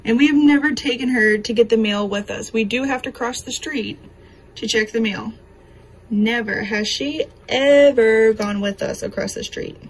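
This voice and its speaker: A woman's voice: on the high side, normal speed, poor audio. Emotional woman vlogger. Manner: emotional, rambling storytelling with many fillers. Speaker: craft vlogger. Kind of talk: casual chat to camera. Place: home.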